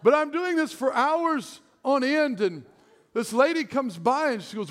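A man's voice: very high voice, expressive, measured pace, a bit bright. A middle-aged man preaching a sermon as pastor, telling stories in a self-deprecating way and laughing often. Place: large church hall. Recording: long hall reverb.

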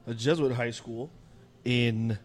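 A man chatting with friends on a podcast at an average pitch. He speaks in a plain, laid-back way. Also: steady tone, slow pace, a little hiss or hum. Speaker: podcast panelist. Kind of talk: casual chat.

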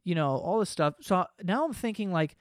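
Brisk profane man telling a story. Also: sits high, no echo, clean studio sound. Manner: profane, rambling, animated. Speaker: podcast host. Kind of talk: casual storytelling.

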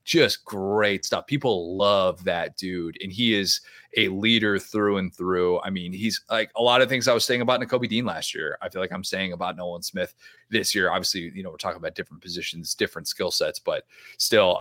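A man's voice: deep voice, a little fast, pushed and bright, dry recording, clean studio sound. A man talking as a football analyst guest in casual podcast chat, emphatic and opinionated.

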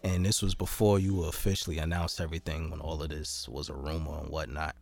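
Low-pitched male podcast host, relaxed joking delivery with quick-fire plugs. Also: vocal fry. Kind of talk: casual podcast chat. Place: recording studio.

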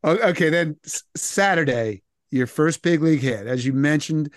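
A man's voice: on the high side, normal speed, no echo, studio quality. A man hosting a casual talk-radio interview, playful and jokey, laughing often as he asks questions. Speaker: radio show host.

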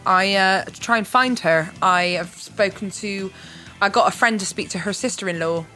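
Bright-voiced jokey woman. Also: mid-range voice, normal speed, soft background music. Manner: jokey, rambling, many fillers. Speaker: comedian guest. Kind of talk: casual radio interview.

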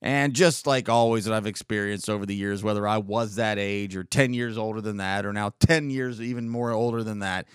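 Male podcast host, forties, American, smooth resonant voice, sarcastic storyteller, dry close recording. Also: fairly low pitch, fairly even intonation, brisk, hardly any pauses, no echo. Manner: rambling, wry and sarcastic. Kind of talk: casual solo monologue.

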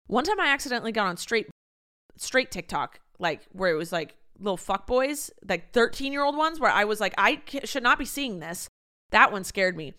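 A woman's voice: mid-range voice, expressive, normal speed, bright, forceful tone, clean tone. A young woman hosting a solo podcast, rambling and exasperated in a casual rant. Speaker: podcast host. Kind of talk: solo podcast outro chat.

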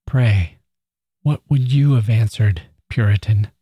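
Man, podcast host, story reading, slow, mellow, dry close recording. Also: fairly low pitch, breathy edge, no room sound. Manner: measured, deliberate narration.

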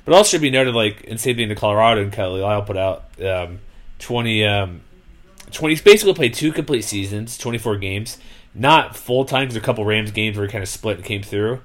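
A man hosting a casual sports talk show, rambling and animated, often exasperated, with lots of fillers. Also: on the low side, brisk. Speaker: sports podcast host.

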